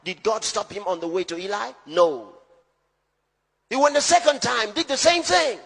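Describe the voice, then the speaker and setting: Husky, high-voiced preaching man. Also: normal speed, big-room sound. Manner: emphatic, swings between loud shouts and low hushed lines. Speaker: pastor. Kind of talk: preaching a sermon.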